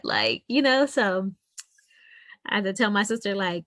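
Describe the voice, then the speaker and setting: A woman in a casual group chat, telling a family story and backing others up with quick affirmations. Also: medium pitch, animated, a bit bright, no echo. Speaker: group discussion participant.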